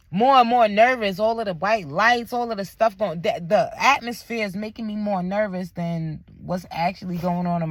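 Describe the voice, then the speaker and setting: A woman's voice: on the low side, dry recording. A young woman, casually telling a personal story and acting out the voices of others. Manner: animated, acts out quoted voices, drops to near-whisper at tense moments. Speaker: vlogger telling her birth story.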